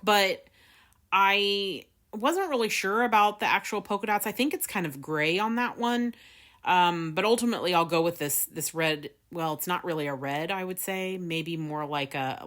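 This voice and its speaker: A woman's voice: medium pitch, normal speed, fairly bright tone. A woman hosting a casual paper craft tutorial, chatty, with frequent laughs and fillers. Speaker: craft video host.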